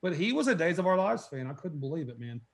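A man's voice: on the high side, very animated, quick pace, gravelly. A man hosting a casual chat, laid-back and reminiscing, with casual swearing.

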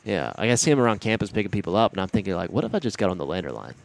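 A man's voice: sits low, sing-song, rapid-fire, vocal fry, no room sound. A young man hosting a college sports podcast from a conference room, chatting in a casual, joking, rambling way. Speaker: podcast host.

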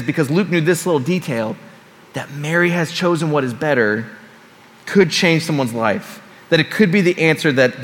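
A man's voice: fairly high pitch, a bit bright. Casual preacher man in a reverberant hall. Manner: conversational, with casual asides and repeated phrases. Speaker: pastor. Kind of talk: sermon. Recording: long reverb of a large hall.

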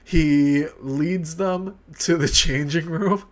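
Young male storyteller, slightly high voice, rambling and laughing through his anecdote. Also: takes it slowly. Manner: animated storyteller, laughs often, filler-heavy. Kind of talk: casual storytelling chat.

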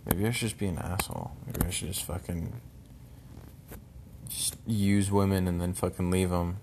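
Deep gravelly young man venting bitterly. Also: steady tone, normal speed, background noise. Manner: frustrated, bitter, swears constantly; trails off, sighs, mutters low at times. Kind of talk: venting personal vlog.

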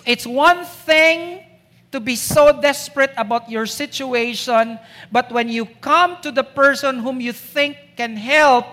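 Woman preacher, slow and emphatic, long church-hall echo. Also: on the high side, a bit bright. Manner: emphatic, rhetorical questions. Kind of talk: sermon.

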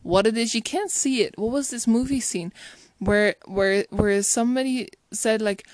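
A film reviewer chats casually about a romantic movie in a fairly high voice at a normal pace, with no room sound. She's reflective and talkative, laughing often and starting sentences over.

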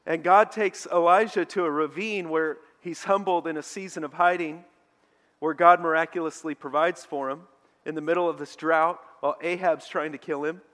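A man preaching a sermon as a pastor, telling a story with animated energy. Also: on the high side. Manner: animated storytelling preacher, mocking shouts in quoted lines. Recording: long hall reverb.

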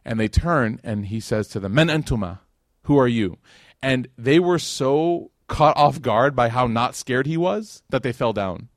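A man's voice: medium pitch, animated, measured pace, hardly any pauses, dry recording, clean studio sound. A man giving a casual religious lecture, telling stories in a conversational way and acting out the quoted lines. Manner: conversational, acts out quotes, many "like" and "right?".

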